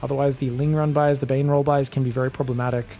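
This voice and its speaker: A man giving live commentary on a strategy game match, chatty and excitable, breaking into loud shouts at big plays. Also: mid-range voice, fast, soft background music. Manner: chatty, addresses viewers directly. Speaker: esports caster.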